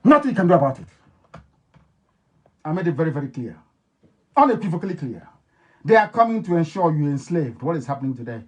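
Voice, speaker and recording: A man with an Igbo-influenced Nigerian accent, a native Igbo speaker, gives an impassioned radio address to his followers. He is emphatic and repetitive, swinging between loud declarations and low, intense tones. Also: very animated, quick pace, long pauses. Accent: Nigerian, Igbo-influenced English. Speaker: political leader broadcasting to followers.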